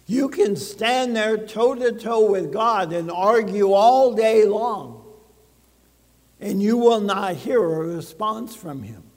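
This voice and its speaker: A man's voice: sits high, animated, measured pace, few pauses. A male pastor preaching a sermon in a church, speaking emphatically and checking in with the congregation. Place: church sanctuary. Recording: long reverb of a church hall.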